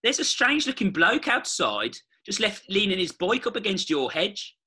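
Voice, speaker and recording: A man's voice: sits high, sing-song, moderate pace, pushed and bright, slightly rough, full character voice. A man voicing an awkward young son-in-law who talks in a flustered, hesitant, stammering way.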